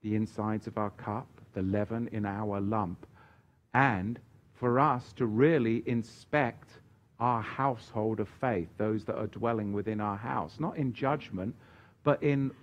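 Male preacher fielding live viewer questions; low-voiced, emphatic, jokey asides, dull lo-fi stream sound. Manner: emphatic, chatty asides and joking. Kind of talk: livestream Bible Q&A.

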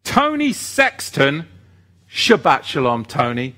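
A man hosting a religious livestream, reading viewer comments and chatting about scripture in an animated, fired-up way. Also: slow. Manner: animated, gets fired up and swings his pitch. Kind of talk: casual livestream chat with scripture talk.

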